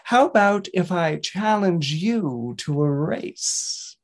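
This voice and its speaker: A man voicing a slow, stubborn male tortoise who talks deliberately and defends himself. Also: high-pitched, lively intonation, heavily acted. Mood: defensive.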